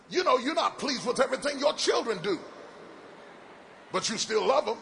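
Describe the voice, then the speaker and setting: A middle-aged man preaching a sermon at a large event on a stage microphone, with a rhythmic delivery that builds to shouted, sing-song cadences and drops into playful folksy asides. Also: very high-pitched, expressive, moderate pace, creaky, pauses often, a little hiss or hum.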